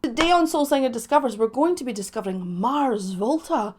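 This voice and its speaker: A woman's voice: a little high, lively intonation, darkish tone, a little hiss or hum. Playful woman vlogger. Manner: playful, jokey, speaks deliberately slowly. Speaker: YouTuber and soul singer reacting to music. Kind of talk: casual reaction vlog.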